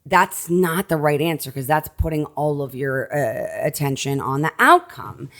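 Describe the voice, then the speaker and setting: Low-pitched woman in her thirties, podcast guest, lively and self-interrupting, talks with her hands. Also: normal speed. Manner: animated, talks with her hands, many restarts. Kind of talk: casual conversation.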